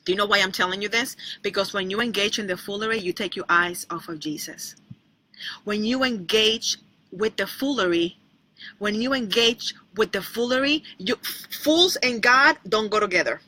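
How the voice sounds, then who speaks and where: A woman's voice: medium pitch, bright, forceful tone, low-quality recording. A woman preaching a sermon in an emphatic way, repeating lines, asking rhetorical questions and breaking into sung snippets.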